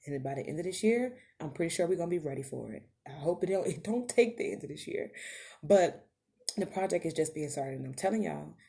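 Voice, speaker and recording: A woman's voice: deep voice, expressive, brisk, creaky, mellow. A woman podcast host, giving an impassioned motivational monologue that rises to emphatic calls to her listeners. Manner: preachy, rising to emphatic calls to the audience.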